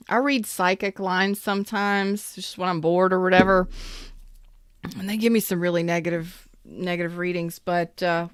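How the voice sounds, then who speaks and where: A woman's voice: on the low side, a bit bright, clean tone, no echo, clean studio sound. A woman giving a casual, chatty tarot reading, speaking straight to her viewers in an upbeat, emphatic way. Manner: chatty, addresses viewers directly. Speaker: tarot reader.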